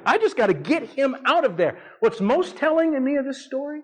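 A middle-aged man preaching, telling a story in an animated, humorous way with big swings in his voice. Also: extremely high pitch, fast talker, rough recording. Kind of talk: sermon storytelling.

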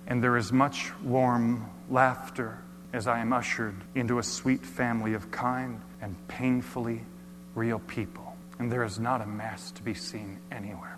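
A man preaching a dramatic sermon, telling a first-person story with slow emphatic phrasing and drops to near-whispers. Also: mid-range voice, fairly even intonation, fairly bright tone. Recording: hall reverb with faint hum.

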